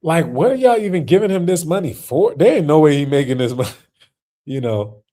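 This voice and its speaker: A man's voice: on the high side, sing-song, fairly quick, dark tone. A man hosting a casual reaction stream, talking loosely with lots of slang and fillers and laughing often.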